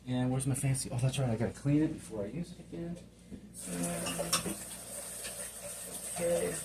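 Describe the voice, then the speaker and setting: Middle-aged male home cook, chatty and meandering, gravelly tone, faint background noise. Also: medium pitch. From Hawaii. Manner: chatty, meandering, talks to himself while working. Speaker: home cook and channel host. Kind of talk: rambling casual cooking vlog.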